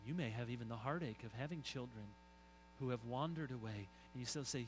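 A middle-aged man preaching a sermon, telling stories and swinging from soft asides to loud emphasis. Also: medium pitch, a little fast, slight background noise, rough recording. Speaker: pastor.

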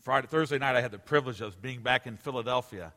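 Bright-voiced preacher in a reverberant hall. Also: male voice, mid-range voice, quick pace. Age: 40s. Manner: emphatic, swinging from loud to hushed. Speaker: pastor. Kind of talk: sermon. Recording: long reverb of a large hall.

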